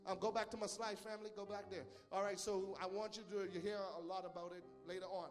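A man's voice: high voice, flat delivery, fast talker, few pauses, faint music behind. A man preaching to his congregation, giving church announcements and a sermon with call-and-response phrases and repeated words. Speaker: pastor.

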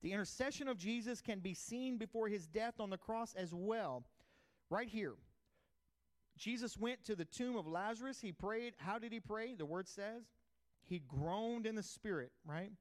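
The sermon is preached at a moderate pace by a middle-aged pastor with a high-pitched male voice. He tells it conversationally, like a story, shifting between loud bursts and quiet asides.

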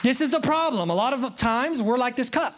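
Casting: high-pitched male pastor, excitable and playful, joking with the congregation from the pulpit. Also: a little fast. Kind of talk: sermon. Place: church sanctuary.

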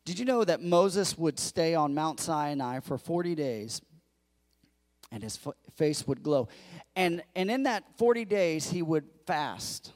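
A pastor preaching a lively sermon to his congregation, acting out quoted lines in a raised voice and joking with the crowd. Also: on the high side, a little slow. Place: church.

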